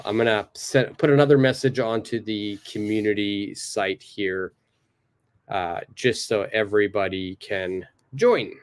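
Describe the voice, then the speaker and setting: Man, English teacher running a live online class from his computer, upbeat and encouraging, drills phrases slowly. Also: on the low side.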